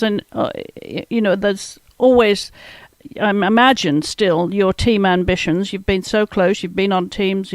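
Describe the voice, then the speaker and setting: A man's voice: high-pitched, clear, resonant tone, dry recording. A man hosting a podcast interview, asking long, rambling questions with restarts in a conversational way. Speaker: podcast host.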